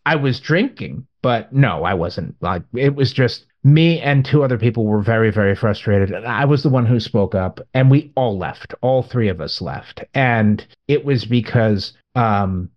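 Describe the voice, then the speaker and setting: A man's voice: medium pitch, unhurried, hardly any pauses. A man co-hosting a podcast, telling a gaming story in casual chat and acting out the people in it. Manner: animated storyteller, acts out quoted voices. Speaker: podcast co-host. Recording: dull lo-fi sound.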